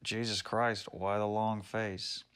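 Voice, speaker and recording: A man's voice: fairly low pitch, level tone, slow, fairly bright tone, smooth. A man voicing a weary male police officer who sounds exasperated in a spoken story.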